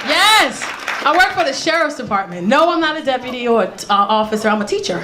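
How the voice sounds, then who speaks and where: A woman doing a brash, profane stand-up set, her voice pitched high and jumping into shouted bits. She's captured live on a stage mic, with a loud crowd laughing behind her and the club's noise all over the recording. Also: very animated, fast talker. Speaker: stand-up comedian. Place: comedy club stage before a laughing audience. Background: crowd laughing and cheering.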